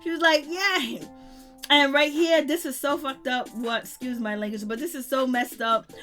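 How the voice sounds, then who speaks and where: A woman hosting a casual live commentary, talking in slangy, animated asides straight to her viewers. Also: high voice, moderate pace, soft background music. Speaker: reality-TV commentary host.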